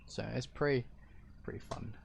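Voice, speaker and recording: A man with a deep-ish voice, streaming a roleplay game and chatting to viewers in a rambling, hesitant way as he explains things. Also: moderate pace, slight background noise. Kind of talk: casual chat to stream viewers.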